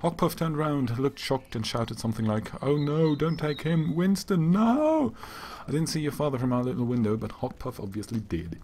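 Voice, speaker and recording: A slightly hoarse man voicing a frightened young male village apprentice, breathless and pleading. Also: medium pitch, fairly quick, few pauses, a little mellow, natural voice. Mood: anxious.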